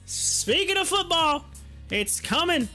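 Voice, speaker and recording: A man hosting a casual stock market livestream, chatty and excitable, laughing often as he talks. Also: very high voice, slow pace, faint music behind. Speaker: stock market livestream host and youth football coach.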